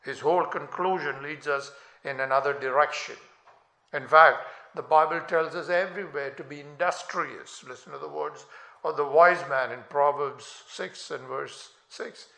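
A male preacher delivers a sermon at an unhurried, measured pace, his voice a little high and bright. He rises forcefully whenever he quotes scripture. The sound is roomy, with plenty of echo from the hall. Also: gravelly. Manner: slow, deliberate preaching with emphatic rises on quotations. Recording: echoey room.

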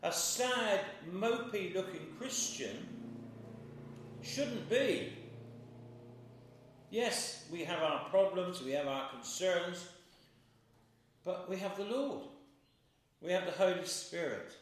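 A man preaching a sermon in a slow, measured way, stressing key words with emphasis. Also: sits high, lively intonation, a little hiss or hum. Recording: very echoey room, voice from far off.

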